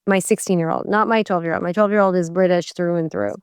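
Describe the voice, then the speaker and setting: Woman podcast cohost, smooth lowish voice, emphatic chatty, dry mic. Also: fast talker, dry recording. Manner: lively and emphatic, laughs easily. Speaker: podcast co-host. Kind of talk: casual chat.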